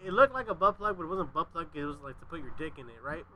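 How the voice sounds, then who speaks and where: A man hosts a casual podcast, telling crude, rambling stories. His voice sits high and sounds very bright, and his talk is loose and full of fillers. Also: expressive, fast, poor audio. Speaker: podcast host.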